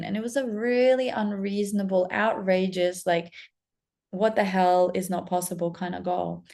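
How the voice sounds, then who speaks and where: Animated woman telling a story. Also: medium pitch, gravelly. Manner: animated, acts out quoted voices, casual swearing. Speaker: spiritual coach. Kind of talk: storytelling monologue to camera.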